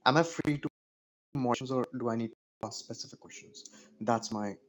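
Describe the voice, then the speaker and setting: A man asking questions during an online training meeting. He speaks carefully and apologetically and rephrases himself to be clear. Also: medium pitch, a little fast. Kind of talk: casual meeting talk.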